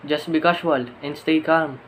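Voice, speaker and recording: A man playing a calm, hopeful Romeo in an amateur school play. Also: a little high, moderate pace, slight background noise, natural voice, poor audio. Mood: earnest. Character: hopeful, earnest young Romeo.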